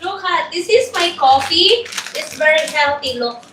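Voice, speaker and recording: High-voiced Filipina woman in an echoey room. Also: animated, normal speed, sharp tone. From Philippines. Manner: short laughing replies, broken phrasing. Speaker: friend of the host. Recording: echoey room, faint ambient noise.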